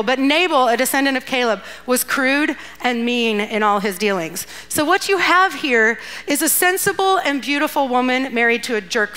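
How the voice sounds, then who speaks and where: Bright, chatty woman preaching. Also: high voice, clear, resonant tone. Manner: chatty and playful, acting out characters with asides and laughs. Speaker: guest speaker at a church youth event. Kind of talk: casual storytelling sermon.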